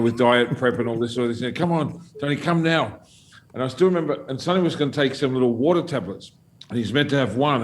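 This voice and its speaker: A middle-aged man telling an old story at a casual round table, swearing freely and laughing as he goes. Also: mid-range voice. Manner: animated, profane, laughs through his stories. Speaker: guest storyteller.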